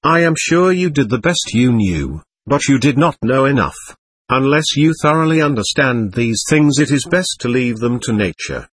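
A male narrator puts on a brisk, authoritative occult doctor who lectures and commands in a storybook reading. The voice is husky and lively in pitch, recorded dry and close. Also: no room sound. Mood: stern. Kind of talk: audiobook character reading.

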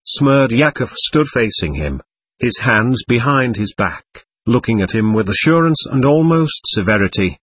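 A man narrating a classic novel as an audiobook, in a measured storytelling manner. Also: medium pitch, very animated, a bit bright, slightly rough, dry recording.

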